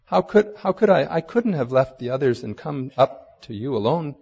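A man's voice: animated, moderate pace, darkish tone, breathy edge, long reverb tail, muffled recording. A man voicing a young girl who is eager and pleading, reading aloud in a sermon. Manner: high, pleading, earnest.

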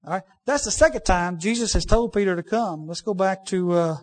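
High-voiced man preaching conversationally. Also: brisk. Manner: conversational, repeats key phrases for emphasis; frequent restarts, folksy asides to the congregation. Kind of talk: sermon.

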